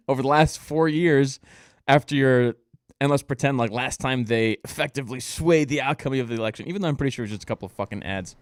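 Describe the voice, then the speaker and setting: A man's voice: medium pitch, fast talker, no echo, clean studio sound. Profane, ranting podcast co-host man. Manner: ranting, profane, laughs often. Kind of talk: casual chat.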